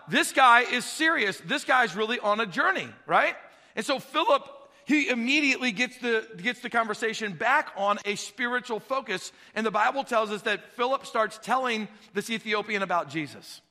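A man preaching a sermon, telling the story with animated energy and acting out the dialogue. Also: high voice. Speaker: pastor. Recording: long hall reverb.

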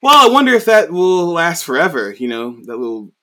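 A man's voice: on the high side, big pitch swings, a little fast, sharp tone, pitched above the performer's own voice. Guy putting on a nasty scornful king voice, kinda cold, cartoon recap vibe. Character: bitter aging male king, cruel and scornful. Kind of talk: casual retelling of scenes.

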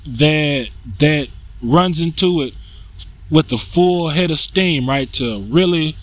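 A man's voice: on the high side, slow pace, dry recording. A man hosting a podcast, talking bluntly in a casual monologue, swearing, restarting his sentences and filling gaps with "you know" and "right". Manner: blunt, profane, many restarts and fillers. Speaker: podcast host.

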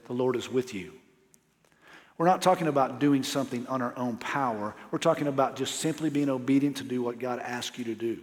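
A man pastor preaching a sermon in a casual, emphatic way with slangy asides. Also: medium pitch. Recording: long hall reverb.

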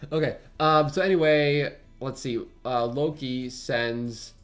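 A man recaps a film on a podcast with lively energy. He slips into quoted lines and laughs often as he goes. His pitch sits in the middle, with faint music under the talk. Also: slow pace. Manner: animated retelling, laughs often, acts out quotes. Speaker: podcast co-host. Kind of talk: casual movie recap chat.

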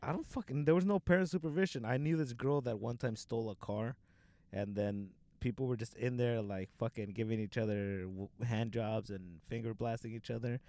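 A man's voice: mid-range voice, fairly quick, dark tone, no echo. A young man in casual podcast chat, slangy and profane, filling his talk with "like" and "dude".

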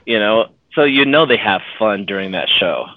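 A man's voice: on the low side, animated, normal speed, no room sound. A man co-hosting a fan podcast in casual chat, rambling and restarting as he muses about the story. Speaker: podcast co-host. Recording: dry, tinny phone-like audio.

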